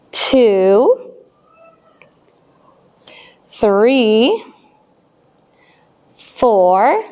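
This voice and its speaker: A woman librarian reading a picture book aloud to small children, expressive and animated, then leading a counting rhyme. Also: mid-range voice. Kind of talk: storytime read-aloud.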